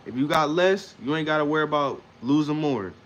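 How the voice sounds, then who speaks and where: A man's voice: on the high side, a little fast, a bit bright, a little hiss or hum. A man hosting a livestream, giving an emphatic motivational talk in a repetitive, preacher-like cadence. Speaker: livestream host.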